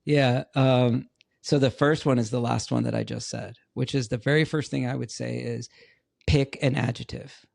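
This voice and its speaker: A man's voice: mid-range voice, steady tone, moderate pace, creaky, a little mellow, no echo, clean studio sound. A middle-aged man, a podcast guest, chatting casually and telling stories earnestly, repeating words for emphasis. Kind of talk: casual interview chat.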